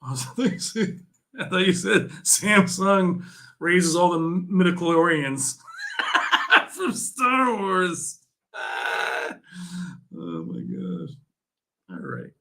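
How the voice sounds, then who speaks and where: A man hosting a casual community livestream chat, excitable and jokey, often laughing and teasing his viewers. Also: high-pitched, drawn-out words, long pauses. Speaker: livestream host.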